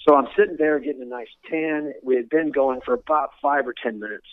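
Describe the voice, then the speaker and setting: A medium-pitched former military instructor tells stories from his career at a brisk pace in an interview. He speaks earnestly, restarting words often, over phone-quality audio with no echo.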